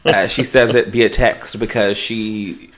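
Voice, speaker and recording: Podcast cohost guy, lowish voice, chill recapping. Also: steady tone, slow, fairly bright tone. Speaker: podcast co-host. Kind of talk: casual chat.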